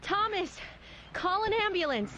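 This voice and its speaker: A woman plays a frightened young woman from a mystery video game, her voice pitched high and swinging widely as she calls out in alarm. The game audio carries a faint hiss behind her. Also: expressive, a little slow, sharp tone, highs cut off, full character voice. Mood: worried.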